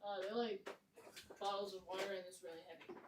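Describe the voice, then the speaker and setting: A family member calling out short, plain questions from across the room during a live stream. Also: female voice, medium pitch, steady tone, brisk.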